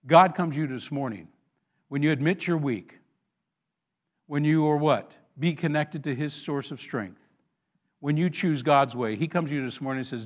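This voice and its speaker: Guy pastor giving a sermon, pretty high voice, storytelling w/ lots of questions to the crowd. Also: moderate pace. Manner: animated storytelling with call-and-response questions.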